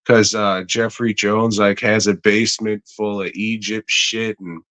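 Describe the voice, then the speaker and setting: A man's voice: on the low side, little pitch movement, a little slow, fairly bright tone. A man co-hosting a podcast, casually retelling a movie plot in a rambling, profane way with frequent laughs. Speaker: podcast co-host.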